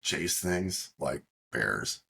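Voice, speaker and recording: Man, middle-aged, very deep voice, husky, halting, rambling casual storytelling. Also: expressive, bright, forceful tone. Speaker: podcast co-host.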